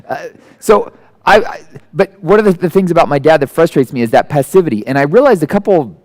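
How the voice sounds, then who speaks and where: A man in his forties giving a conversational sermon, animated and self-deprecating, acting out the people he quotes. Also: a little high, quick pace. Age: 40s. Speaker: guest preacher.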